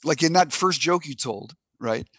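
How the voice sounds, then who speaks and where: A middle-aged man co-hosting a podcast, telling jokes in an animated storytelling way and laughing at his own punchlines. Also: on the high side, moderate pace, breathy edge, no echo, clean studio sound. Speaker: podcast co-host. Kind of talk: casual joke-telling chat.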